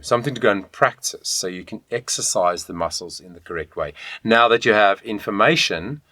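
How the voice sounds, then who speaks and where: Man, vocal coach, lively pitch, lowish voice, dry close sound, encouraging. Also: no room sound. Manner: animated, encouraging teacher, talks to viewer directly. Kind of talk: video voice lesson.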